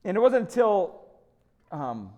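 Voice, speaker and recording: A man preaching a sermon as lead pastor, telling a story with emphasis and slowing down for quiet, reflective moments. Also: high voice, big pitch swings.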